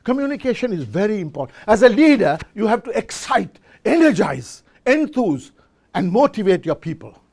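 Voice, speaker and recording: A man's voice: sits high, sing-song, moderate pace, darkish tone. A middle-aged man giving a motivational business talk to a live audience, quizzing listeners and often restarting his words. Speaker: speaker at a business forum. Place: event hall with a live audience.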